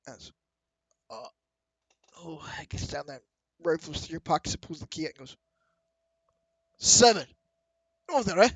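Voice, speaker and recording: A man's voice: a little high, moderate pace, slightly rough, dry recording, poor audio. Laid-back male game master. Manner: casual, laid-back, with fillers. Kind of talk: narrating a tabletop game.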